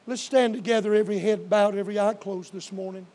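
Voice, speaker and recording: High-voiced shouting preacher man. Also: fairly even intonation. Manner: shouting preacher cadence with slow emphatic punches. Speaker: pastor. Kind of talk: sermon. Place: church sanctuary. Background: soft piano.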